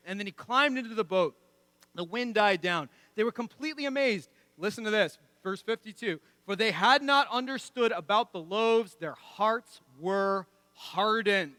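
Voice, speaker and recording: High, bright-voiced animated male preacher. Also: normal speed, no echo. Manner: animated, laughing often, conversational asides. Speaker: pastor. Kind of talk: sermon. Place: church.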